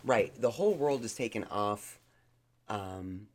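Speaking a little slowly in a fairly low, animated voice, a podcast co-host delivers blunt, sarcastic mock-therapy in a rambling, casual chat.

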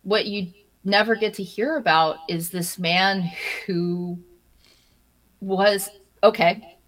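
A woman being interviewed, telling stories in an animated way, often laughing and repeating her first words as she starts a thought. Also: medium pitch, slow, rough recording. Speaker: interview guest. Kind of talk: casual interview conversation.

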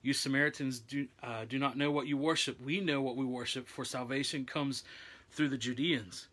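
Calm steady teacher figure, a guy reading his lines, bright clear tone. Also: mid-range voice, natural voice. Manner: measured scripture reading. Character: calm male teacher, Jesus, speaking plainly.

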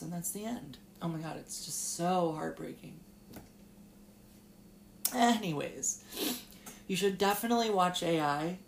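A young woman with a low, gravelly voice talks slowly and haltingly, full of fillers and restarts. She sounds tearful. A faint hiss sits under the recording. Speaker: podcast host. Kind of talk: solo casual talk, recounting a film.

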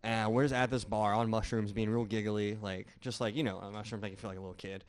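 A man's voice: fairly low pitch, flat delivery, fast talker. A young man guesting on a podcast, telling stories animatedly, acting out quotes and laughing a lot. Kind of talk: casual podcast storytelling.

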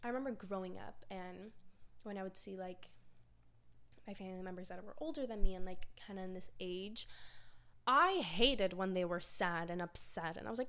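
A woman's voice: medium pitch, normal speed, vocal fry, pushed and bright. A young woman hosting a personal podcast, talking candidly in a rambling, filler-heavy way about her feelings. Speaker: podcast host. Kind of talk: casual personal monologue.

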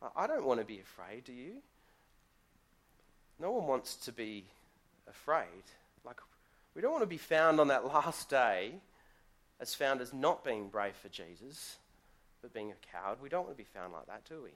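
A man's voice: mid-range voice, sing-song, moderate pace, long pauses, a bit bright. A man preaching a live sermon in a church as guest pastor, talking in a conversational storytelling way and asking the congregation questions.

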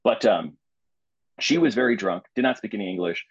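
A young man from Illinois, a podcast guest, telling a story in animated, casual chat. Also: fairly low pitch, fairly quick, husky, no echo. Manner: animated, acts out quoted voices. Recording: slightly muffled, dry recording.

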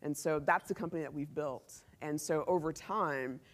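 A man's voice: fairly high pitch, moderate pace. A man speaking as a company CEO in a conference talk before a live audience, telling stories animatedly and acting out the dialogue. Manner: animated storytelling, acts out quoted dialogue, laughs often.

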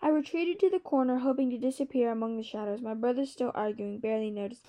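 A woman reading a novel aloud as an audiobook narrator, in a measured storytelling manner. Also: on the high side, mellow. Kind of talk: scripted narration.

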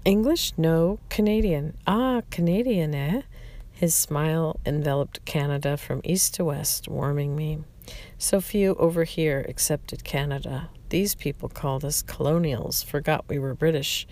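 A narrator reading a memoir aloud in a slow, reflective way, often stumbling and restarting words. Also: mid-range voice, darkish tone.

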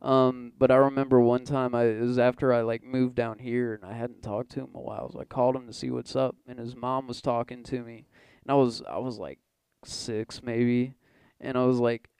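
A man's voice: medium pitch, little pitch movement, brisk, a little mellow, clear, resonant tone, dry recording. A young man co-hosting a podcast, chatting casually in a loose, profane way full of fillers. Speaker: podcast co-host. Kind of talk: casual chat.

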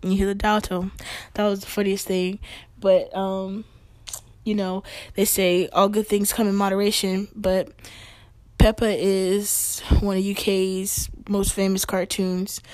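A woman hosts a talk show in a chatty, playful manner, dropping in fillers as she rolls through light news. Her mid-pitched voice is recorded close and dry, with no room around it. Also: steady tone, measured pace, a little mellow, no echo. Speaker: podcast host.

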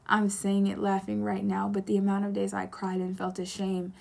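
A woman's voice: medium pitch, monotone, a little slow, vocal fry, long pauses. A young woman speaking to camera in an earnest, pleading confessional monologue, with strong repeated emphasis and sometimes dropping to a whisper. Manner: drops to a whisper at times.

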